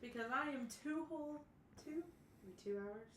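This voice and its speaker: Laid-back female co-host, slightly high voice, echoey room, noticeable background noise. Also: moderate pace. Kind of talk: casual chat.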